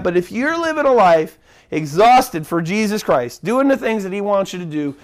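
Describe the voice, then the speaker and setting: A man's voice: high-pitched, sing-song, moderate pace. A man preaching a sermon as pastor, earnest, often repeating and restarting his words.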